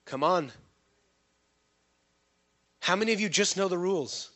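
A man with a high voice preaches a lively sermon. He keeps throwing questions to the congregation and waits for them to answer. Now and then he acts out other people's voices with sudden leaps in pitch. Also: a little slow. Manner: animated preaching with call-and-response questions to the congregation. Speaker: pastor.

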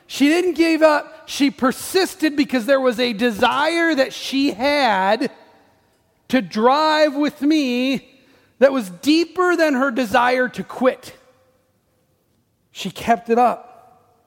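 A man in his forties preaching a sermon, telling a story about himself in an animated, self-deprecating way. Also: extremely high pitch, slow, long pauses, long reverb tail. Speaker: pastor.

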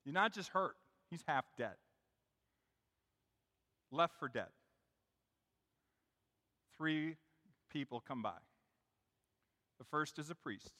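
A man's voice: a little high, sing-song, takes it slowly, pauses often, sharp tone, big-room sound. A middle-aged man preaching a sermon in a church, telling a story in a conversational way and speaking straight to the congregation. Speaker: pastor. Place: church sanctuary.

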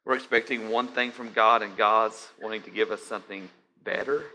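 Guy giving a chatty sermon, low-ish voice but bright and tense, faint room noise. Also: moderate pace. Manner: animated, conversational, addresses listeners directly. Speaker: preacher.

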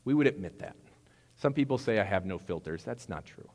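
A man's voice: fairly low pitch, lively intonation, brisk, darkish tone. A man preaching a sermon as a pastor, talking conversationally with playful asides. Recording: long hall reverb.

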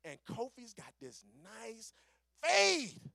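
Male preacher, high gravelly voice, dry close sound, storytelling sermon with amen call-outs. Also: fairly quick, no echo. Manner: animated, calls for amen, acts out quotes.

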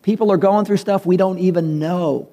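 A man's voice: high-pitched, moderate pace, dark tone. A male pastor giving a conversational sermon, acting out the dialogue in his stories. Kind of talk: sermon with personal story.

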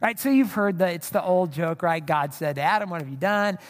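Animated preacher in a reverberant hall. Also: male voice, sits high, fairly quick. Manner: animated, conversational preaching with rhetorical asides. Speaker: pastor. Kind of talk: sermon.

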